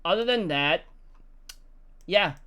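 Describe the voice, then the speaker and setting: Young male manga reviewer, high voice, excitable, acts out quotes. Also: takes it slowly, clean tone. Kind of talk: casual chapter recap.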